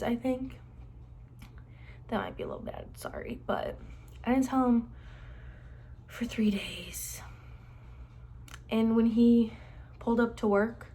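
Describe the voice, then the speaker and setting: A woman's voice: fairly high pitch, darkish tone. A young woman in her late teens telling a casual storytime, rambling and filling every sentence with "like.". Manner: rambling, says "like" constantly. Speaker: vlogger.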